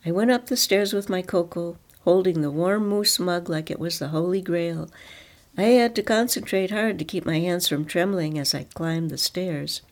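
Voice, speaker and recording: A woman reads a first-person story aloud, calm and reflective. Her voice sits low, with a gravelly fry running through it. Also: moderate pace.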